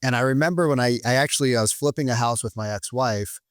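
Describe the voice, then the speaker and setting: Man, podcast guest, casual storytelling, animated, acts out quotes, dry room. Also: mid-range voice, quick pace, no room sound.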